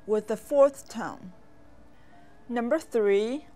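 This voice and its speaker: A woman teaching as a language instructor, speaking in a slow, deliberate instructional manner with clear, careful enunciation and long pauses. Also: on the high side, lively intonation. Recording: voice over soft background music.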